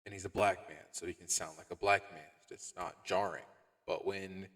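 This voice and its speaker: A man's voice: deep voice, fairly even intonation, normal speed, fairly bright tone. A man hosting a commentary show, ranting sarcastically and swearing as he tears into a comic. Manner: sarcastic, exasperated, swears a lot. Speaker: commentary host. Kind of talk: profane review rant. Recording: long reverb.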